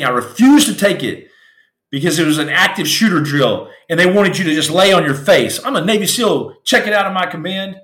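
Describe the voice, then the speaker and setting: A man's voice: fairly high pitch, a bit bright, roomy sound. A man hosting a podcast, telling stories in an impassioned, preachy motivational style that turns raw and emotional. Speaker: podcast host, former Navy SEAL.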